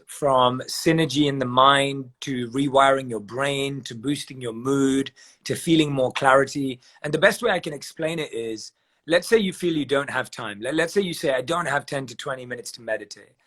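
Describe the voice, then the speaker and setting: A man on a live video call giving measured advice, walking through examples step by step and repeating phrases for emphasis. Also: mid-range voice, a bit bright. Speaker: guest speaker on meditation. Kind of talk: calm explanatory advice on a live video chat.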